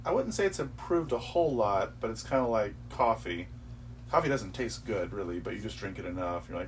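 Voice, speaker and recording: A man guest on a podcast, chatting casually in an animated, joking way. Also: fairly low pitch, fairly quick. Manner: animated, joking, acts out quotes. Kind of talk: casual chat. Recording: distant mic with faint hum.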